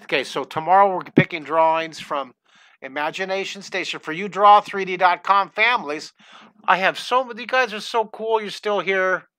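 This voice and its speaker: An older man, a drawing teacher, greeting viewers by name in a live online lesson, excitable and scattered, talking into a headset mic at home. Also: high-pitched, normal speed, dry recording. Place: home studio.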